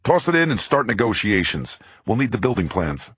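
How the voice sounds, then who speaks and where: A man's voice: fairly low pitch, big pitch swings, normal speed, fairly bright tone, breathy edge, dry recording, dull audio, pitched above the performer's own voice, heavily acted. A man voicing a commanding male hostage-team chief, barking orders.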